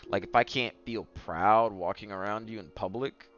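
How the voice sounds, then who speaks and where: Animated man telling a dating story. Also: on the low side, moderate pace, hardly any pauses, dull audio, faint music behind. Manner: animated, swings from mumbling asides to yelling bursts. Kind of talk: casual storytelling.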